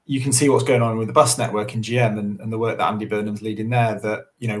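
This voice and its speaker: A man, speaking earnestly on a webinar panel over a video call, with many restarts and fillers. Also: on the low side. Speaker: council estates lead.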